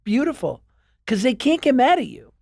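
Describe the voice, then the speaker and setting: A man in his thirties co-hosting a comedy podcast, telling stories in a casual, animated way. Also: extremely high pitch, normal speed, gravelly, no room sound. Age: 30s. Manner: animated storyteller, breaks into laughing sung bits. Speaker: podcast co-host.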